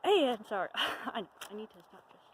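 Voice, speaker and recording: A young woman vlogs to her camera as she hikes a wooded trail, chatting casually while walking, breathless, nervous and giggly, sometimes trailing off. Her voice is fairly high with big pitch swings, fast and husky, and the audio quality is poor.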